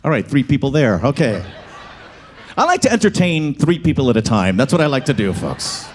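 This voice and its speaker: A man's voice: medium pitch, very animated, a little fast. A male comedian, chatting with a club crowd and breaking into sung song parodies. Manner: chatty crowd work, breaks into singing over guitar. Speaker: stand-up comedian. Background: guitar.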